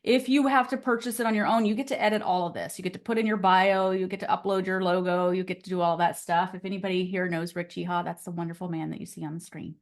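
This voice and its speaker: A woman's voice: lowish voice, steady tone, fast talker, few pauses. A woman teaching a casual live online class on real estate, chatty and upbeat and often laughing, on a computer mic over a video call.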